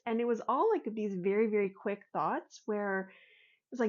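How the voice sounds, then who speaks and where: A woman's voice: medium pitch, normal speed, a little mellow, highs cut off. A woman vlogger telling a personal story and explaining an idea in an earnest way, acting out her own inner thoughts as she goes.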